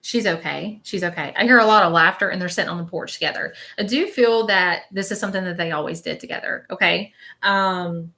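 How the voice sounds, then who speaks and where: A woman's voice: fairly low pitch, brisk, pushed and bright. A woman leading a live-stream reading as a spiritual medium, chatty and reassuring, often checking in with her viewers.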